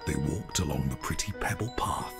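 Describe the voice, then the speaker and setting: A woman's voice: rumbling low, lively intonation, normal speed, vocal fry, full character voice. A woman voicing the narrator of a rhyming bedtime story in a game. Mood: storytelling. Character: gentle female bedtime storyteller. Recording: game audio with music.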